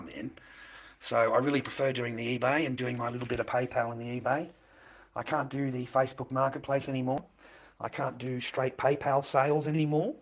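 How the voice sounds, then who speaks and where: A man's voice: mid-range voice, a bit bright. An Australian man livestreaming to his chat, combative and swearing, with taunting insults. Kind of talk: profane livestream rant.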